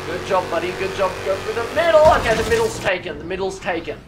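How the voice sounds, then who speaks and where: A young man giving live commentary while streaming a racing game, excitable and whooping at near misses. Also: high-pitched, fast talker. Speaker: gaming streamer. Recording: game audio with engine noise.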